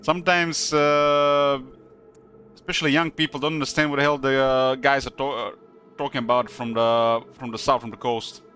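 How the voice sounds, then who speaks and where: A man's voice: medium pitch, little pitch movement, normal speed, pushed and bright, soft background music. A man from Croatia with a Croatian accent, speaking English as a second language, chatting casually on a live stream and rambling with lots of hesitant fillers. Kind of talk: casual chat while gaming.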